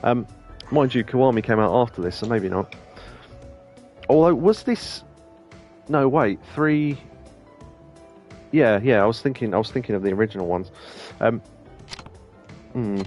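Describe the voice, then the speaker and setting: A man's voice: medium pitch, animated, measured pace, pauses often, darkish tone, faint music behind. A man chatting casually over gameplay, rambling through stories with many restarts and laughs. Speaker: let's play host.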